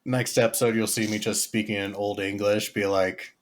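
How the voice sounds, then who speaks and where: A man's voice: fairly low pitch, normal speed. A young man co-hosting a podcast, chatting casually and profanely, leaning on "like" as he tells stories. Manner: profane, animated storytelling with filler "like". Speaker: podcast co-host. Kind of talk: casual chat.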